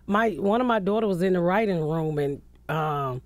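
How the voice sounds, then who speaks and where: A woman's voice: fairly low pitch, moderate pace, no echo. A middle-aged woman comedian telling candid stories in a radio studio interview, blunt and profane. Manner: blunt, profane, animated storytelling. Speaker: comedian guest. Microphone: studio mic.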